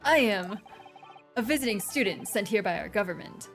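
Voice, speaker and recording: A woman voicing an excitable, melodramatic young male student prisoner with theatrical outbursts. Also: mid-range voice, normal speed, faint music behind, close to an everyday voice. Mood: effusive.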